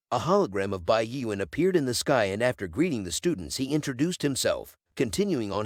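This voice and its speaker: Man narrating with a lively pitch. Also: no room sound, clean studio sound. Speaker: recap narrator. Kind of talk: scripted narration.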